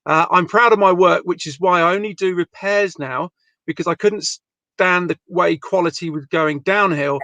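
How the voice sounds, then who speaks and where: A man hosts a live online talk show with a voice pitched a little high. The sound is dry and close to the mic. He chats easily, puts questions to his guests and reads out viewer comments. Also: normal speed, pushed and bright, dry recording. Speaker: host. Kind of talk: live-stream chat with guests.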